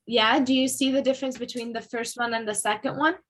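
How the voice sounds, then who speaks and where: A woman teaching English pronunciation in a class, slow and patient, modeling sounds over and over for her students. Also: fairly high pitch, fairly even intonation, poor audio. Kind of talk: online class lesson.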